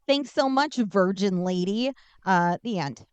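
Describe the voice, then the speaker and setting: A woman's voice: medium pitch, expressive, a little slow, smooth, dry recording. A woman podcast co-host giving a casual, sarcastic and profane movie recap.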